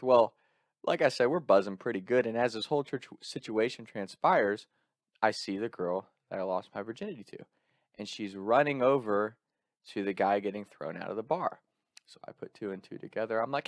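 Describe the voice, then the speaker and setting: A young man casually telling a personal story, animated and laughing, getting louder as it heats up. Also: moderate pace, no echo, studio quality. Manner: animated, laughing, gets louder and higher when excited.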